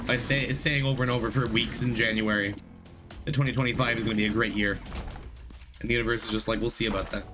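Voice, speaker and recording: A man talks casually through his gameplay, rambling and correcting himself as he chats with viewers. He is still recovering from an illness. Game music plays clearly under his voice. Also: mid-range voice, fairly even intonation, quick pace. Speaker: streamer.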